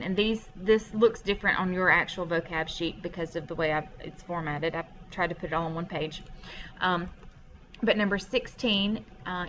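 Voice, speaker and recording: A woman's voice: mid-range voice, fairly bright tone, highs cut off, slight background noise. A woman teaching French vocabulary from home, explaining patiently step by step with frequent ums. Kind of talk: recorded classroom lesson over a screen share.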